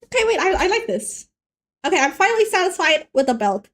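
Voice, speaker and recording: Speaking fairly quickly in an extremely high pitch, a young woman jokes around with her live-stream chat as she draws. This art streamer is playful and animated, and her sentences often get restarted.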